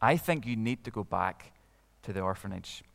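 Kindly old gent with a cap and stick, as a Northern Irish man plays him, soft-spoken, hall echo. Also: lowish voice, expressive, moderate pace, creaky, pitched below the performer's own voice. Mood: gentle. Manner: gentle and quiet.

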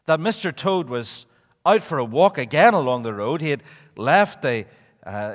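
A man giving a children's talk in church, an animated storyteller who asks the children questions. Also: medium pitch. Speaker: preacher. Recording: echoey church hall.

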